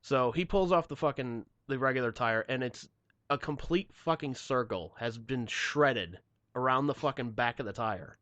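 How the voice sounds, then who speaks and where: A man's voice: medium pitch, normal speed, fairly bright tone, no room sound. Profane, exasperated man telling a story. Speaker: podcast host. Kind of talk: casual chat.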